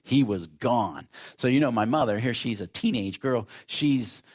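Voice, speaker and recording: A male pastor delivering a sermon, telling family stories in an animated way and acting out the voices. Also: mid-range voice, unhurried.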